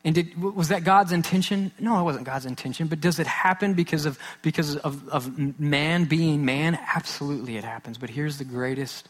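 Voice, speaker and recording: A man in his thirties, a pastor, preaching a sermon in an earnest, conversational way, acting out little anecdotes and dropping to soft, intense emphasis. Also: on the high side, moderate pace, faint music behind.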